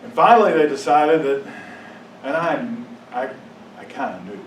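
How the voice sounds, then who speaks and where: A man giving a personal testimony to a congregation, telling his story with emotion, sometimes dropping to a hushed, halting voice and sometimes rising to impassioned outbursts. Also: a little high, lively intonation, noisy background. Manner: drops to a hushed, halting voice at painful moments. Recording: echoey room, mic at a distance.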